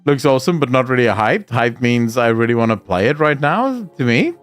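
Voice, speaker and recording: A man's voice: mid-range voice, big pitch swings, fairly quick. A man streaming live, reading viewer comments aloud and answering them in casual chat.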